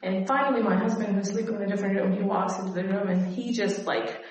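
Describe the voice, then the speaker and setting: A woman in her thirties, a workshop participant, telling a personal story in an earnest, tired, halting way with many fillers. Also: mid-range voice, fairly even intonation. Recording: very echoey hall, faint noise.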